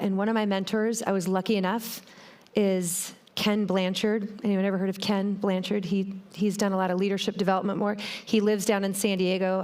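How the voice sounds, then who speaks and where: Animated woman giving a keynote talk. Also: mid-range voice. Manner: animated, storytelling, addresses the audience directly. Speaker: keynote speaker. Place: conference stage before a live audience.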